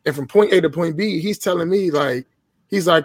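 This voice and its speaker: A young man tells a story in quick, animated bursts, cursing freely. His voice sits a bit high for a man. The sound is close and dry, with no room around it. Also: no echo. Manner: profane, blunt, animated storytelling. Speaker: podcast guest. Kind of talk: casual storytelling.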